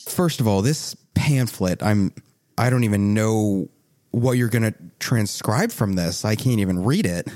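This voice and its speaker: A young man runs a tabletop game as game master. His voice is low and sits in a dry, close sound. He teases the players and narrates with small hesitations. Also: expressive, unhurried, a little mellow, no room sound.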